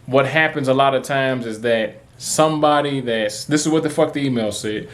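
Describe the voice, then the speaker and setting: A man's voice: medium pitch, normal speed. A man, talking to camera in a casual, rambling, profane way, full of fillers. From Texas. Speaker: vlogger. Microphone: camera mic, talking to camera.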